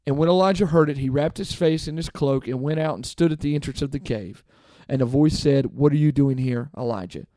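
A man's voice: fairly high pitch, fairly quick, dark tone, dry recording, studio quality. A man hosting a devotional podcast, reading scripture and explaining it in a casual, conversational way, often checking in with "okay?". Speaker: podcast host and Bible teacher. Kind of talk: devotional Bible talk.

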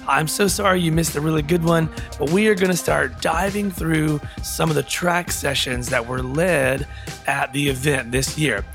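Male podcast host, bright upbeat intro, slightly high voice, faint music bed. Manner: upbeat, enthusiastic.

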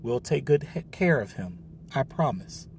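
A man reading the lines of a gentle, polite woman who works at an animal shelter. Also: mid-range voice, expressive, normal speed, gravelly, a little hiss or hum.

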